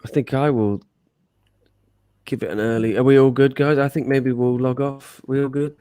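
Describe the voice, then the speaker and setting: Tired male co-host on a video call, average pitch, jokey, a bit sweary. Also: steady tone, normal speed, dark tone, clear, resonant tone. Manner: joking, swearing, wrapping up. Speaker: show co-host. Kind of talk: casual live watch-along chat.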